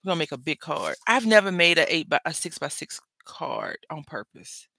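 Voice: mid-range voice, very animated, moderate pace, vocal fry, sharp tone, dry recording. A parent of school-age children hosting a papercraft session, chatting casually and rambling while crafting. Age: adult with school-age kids. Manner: rambling, chatty, self-interrupting. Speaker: papercraft channel host.

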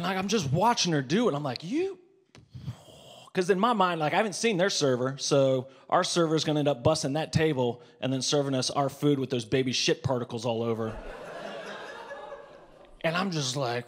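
A man in his forties performing a stand-up comedy set. He tells a story, swinging from muttered asides to loud, exasperated rants. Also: on the high side, fairly quick. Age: 40s.

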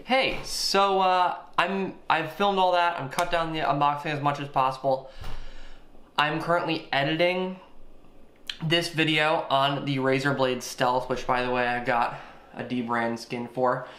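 A man's voice: fairly high pitch, fairly even intonation, unhurried, a bit bright. Chatty young man unboxing a laptop. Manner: chatty, thinking aloud with fillers. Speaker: tech vlogger. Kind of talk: casual unboxing commentary.

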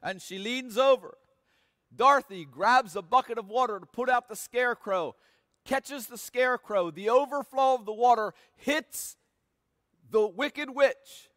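A man's voice: high voice, slow, fairly bright tone, no room sound, clean studio sound, in a large hall. A man preaching a sermon as pastor, reading scripture aloud with emphatic, dramatic stress. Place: church sanctuary.

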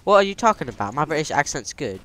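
A man's voice: fairly high pitch, very animated, quick pace, fairly bright tone, a little hiss or hum. A man giving casual, joking commentary over gameplay and bantering with a friend. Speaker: gaming video creator.

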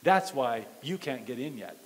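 Man playing God's still small voice: hushed, low, unhurried, echoey hall. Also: lively intonation, close to an everyday voice. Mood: calm, insistent. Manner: quiet, low and slow.

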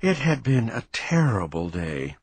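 Animated male storybook reader. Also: lowish voice, measured pace, a little hiss or hum. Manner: expressive, animated reading. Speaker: audiobook narrator. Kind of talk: first-person storybook narration.

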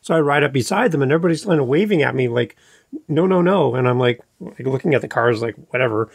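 A man hosting a podcast in casual chat, eager and quick to jump into his own stories. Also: medium pitch, gravelly, slightly rough, dry recording. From Canada. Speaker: podcast host.

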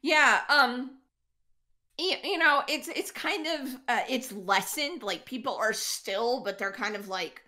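A woman's voice: a little high, takes it slowly, pushed and bright. A woman serving as game master in a tabletop role-playing game, explaining rules and scenes in a loose, chatty way full of fillers.

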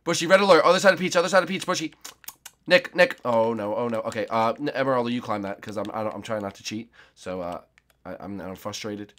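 A young man giving let's play commentary on a game, excitable and often shouting and squealing. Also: medium pitch, fast talker. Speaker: gaming YouTuber.

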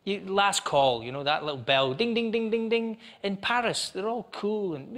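A Scottish man doing a stand-up comedy set, animated and chatty as he tells stories to a live audience. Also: high-pitched, moderate pace, hardly any pauses, background noise. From Scotland. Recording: live show with audience laughter.

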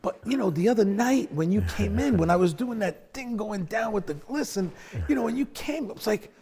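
A man with a gravelly, slightly husky voice that sits a little high, telling road stories in a relaxed sit-down chat. He keeps acting out what people said, his voice swooping up and dropping low as he goes. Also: fairly quick. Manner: animated storyteller, acts out quotes with big pitch swings. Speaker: bassist. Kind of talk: storytelling in a sit-down conversation.

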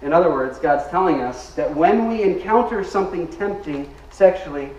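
A male pastor preaches a sermon, pitched a little high for a man and pressing his points with emphasis. He gets the congregation to repeat words back to him. The sound is roomy and echoey, picked up from some distance in a church. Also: expressive, moderate pace, a little mellow. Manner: emphatic, leads the congregation in call-and-response. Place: church sanctuary. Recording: echoey room, mic at a distance.

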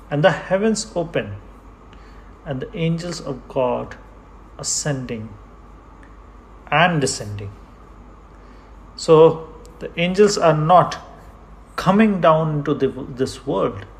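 A man preaching a sermon in church, slow and emphatic, repeating key words for stress. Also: on the high side, slight background noise. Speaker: pastor.

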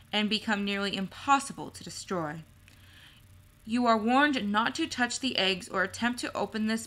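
A woman reading the part of a tall, grave male elf who speaks in calm, measured, formal tones. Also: mid-range voice.

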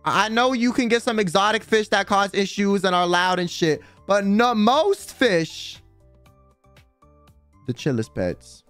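Brief: male streamer, high and bouncy voice, smooth and dry, rambling profane chat over faint music. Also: measured pace, dry recording. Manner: rambling, profane, heavy use of "like"; animated, dramatic emphasis. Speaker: livestream host.

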